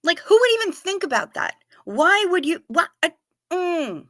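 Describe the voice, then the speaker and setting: A woman's voice: very high-pitched, very animated, normal speed, fairly bright tone, dry recording, studio quality. A woman hosting a live stream, chatting casually as she reads viewer comments aloud, wry and given to swearing and giggling.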